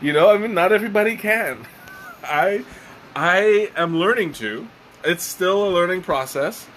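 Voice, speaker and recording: A man casually reviewing a tea on a live stream, halting with many fillers and restarts. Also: sits high, animated, fairly bright tone, slight background noise, poor audio. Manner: hesitant, many fillers and restarts, chuckles often.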